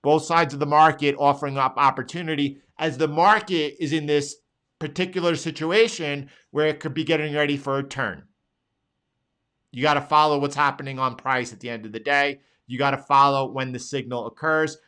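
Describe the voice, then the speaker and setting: A man's voice: on the high side, fairly even intonation, normal speed, sharp tone, smooth. A man hosting a trading show, walking through charts live and talking in an emphatic, repetitive way, at times pleading with viewers. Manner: emphatic, pleading, repeats phrases. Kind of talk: live market analysis.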